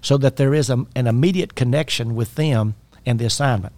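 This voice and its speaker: Man, life coach, earnest and exhorting, dry close-miked sound, mid-pitched voice. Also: brisk, a little mellow, dry recording. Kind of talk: faith-based coaching talk.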